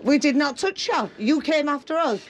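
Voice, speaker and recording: A woman's voice: high-pitched, expressive, normal speed, a little hiss or hum. Stern scolding woman. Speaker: repo team member. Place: outdoor driveway.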